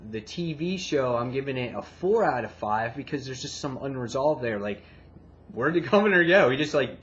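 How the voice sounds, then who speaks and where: Excitable man with a lo-fi sound. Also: medium pitch. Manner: excitable, swears, acts out reactions. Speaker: comic book reviewer. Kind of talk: casual retelling and review. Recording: dull lo-fi, faint background hiss.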